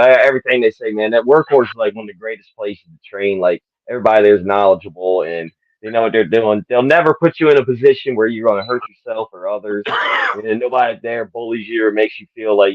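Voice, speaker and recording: A man with a Southern US accent, interviewing in a relaxed, filler-heavy chat style. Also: lowish voice, dry recording. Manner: laid-back, lots of fillers, laughs often. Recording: dull lo-fi audio.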